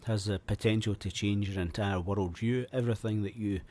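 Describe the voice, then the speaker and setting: A man's voice: fairly low pitch, steady tone, brisk, a little mellow. A man, from Scotland, chatting casually as a podcast guest, swearing freely and telling historical asides. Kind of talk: casual chat.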